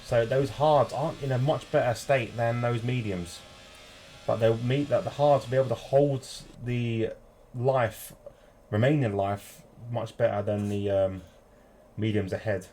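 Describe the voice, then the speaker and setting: A British man commentating a sim race, jokey and rising to excited shouts. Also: medium pitch, measured pace, poor audio. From United Kingdom. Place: home room with children nearby. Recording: loud background noise.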